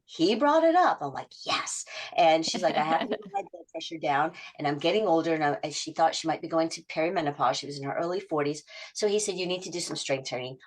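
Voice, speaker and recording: Interviewed on a podcast, a middle-aged woman who coaches habits tells client stories, acting out their quotes with lively shifts in voice. Her voice sits low.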